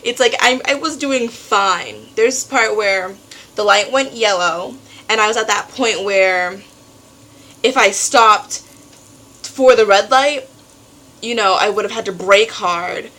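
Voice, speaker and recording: A teenage girl vlogging at home, telling a story in an animated way and acting out what others said. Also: mid-range voice, takes it slowly, low-quality recording. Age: teens. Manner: animated storytelling, acts out quotes. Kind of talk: casual venting vlog.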